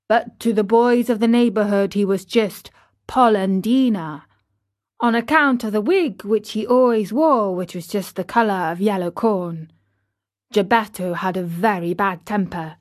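A woman narrating a children's storybook in a measured, expressive way. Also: medium pitch.

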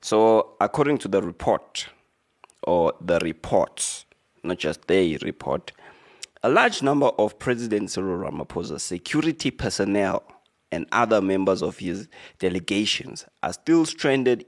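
Male radio host, very low voice, easygoing joking delivery over a news piece. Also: animated, a little slow. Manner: laid-back, rambling, joking asides with fillers. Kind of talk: casual commentary on a news article.

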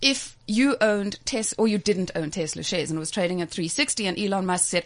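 A woman's voice: mid-range voice, a little fast, few pauses. A woman co-hosting a casual radio talk on markets, chatty and laughing often as she explains. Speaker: market commentator co-host.

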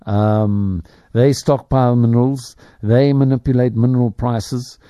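A man's voice: medium pitch, fairly even intonation, unhurried, dark tone, no room sound, studio quality. A man hosting a business show, giving opinionated commentary in a rambling way with many fillers and restarts. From Africa. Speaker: host.

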